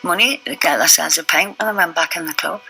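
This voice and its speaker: Low-voiced older woman. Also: fast, gravelly, bright, forceful tone, soft background music, low-quality recording. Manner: chatty, acts out quotes in the story. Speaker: interviewee. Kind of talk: casual storytelling.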